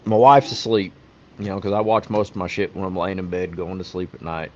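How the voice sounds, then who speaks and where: A man's voice: sits low, fairly even intonation, brisk, a little mellow, dull audio. A man co-hosting a podcast, telling blunt, profane stories in casual chat. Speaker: podcast co-host.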